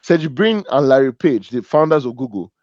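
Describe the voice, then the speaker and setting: A man with a Nigerian accent giving a humorous, animated business talk, joking and teasing as he tells stories. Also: medium pitch, brisk, no room sound, lo-fi sound. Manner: animated and joking, laughs at his own stories. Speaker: business speaker.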